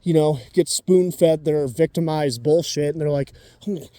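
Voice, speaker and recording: A man's voice: fairly high pitch, steady tone, a little slow, warm tone, smooth, no echo, studio quality. A man in his twenties giving dating advice in a blunt, profane, ranting casual monologue. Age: 20s.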